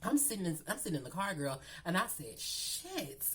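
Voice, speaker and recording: A woman tells a story in a casual, animated vlog style. Her voice sits on the low side, and she keeps calling her listener "girl" as she plays up the drama. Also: fast talker. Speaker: storytelling vlogger.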